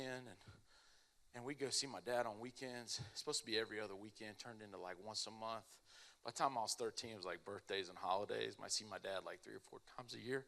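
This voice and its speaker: A young man preaching a casual, animated sermon, telling stories in an everyday way. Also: medium pitch. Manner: animated, casual storytelling with lots of "like".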